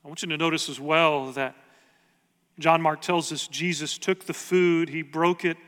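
A man's voice: fairly high pitch, steady tone, moderate pace, a bit bright, in a large hall. A man preaching a sermon as pastor, earnest and conversational, asking the congregation rhetorical questions.

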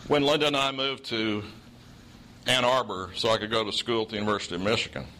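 A man's voice: on the low side, steady tone, fast, bright, forceful tone, a little hiss or hum, poor audio. A man from Oklahoma with a Southern accent, preaching a sermon in a folksy storytelling way with dry humor.

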